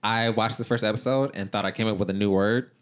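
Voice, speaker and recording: A man's voice: on the low side, steady tone, fast talker. A man co-hosting a podcast, teasing his friend dryly and reading out listener questions. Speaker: podcast co-host. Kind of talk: casual banter.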